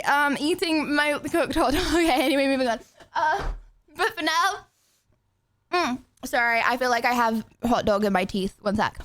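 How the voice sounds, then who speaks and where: A woman's voice: sits high, no echo. A young woman streaming live, chatting casually and rambling to her viewers while she eats. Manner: rambling, chatty, talks to chat.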